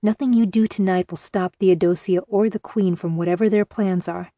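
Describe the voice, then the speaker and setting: A woman reading the lines of a grim, pragmatic male captor who talks in a steady, matter-of-fact way. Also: medium pitch, normal speed, dry recording, studio quality, lightly acted. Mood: cold.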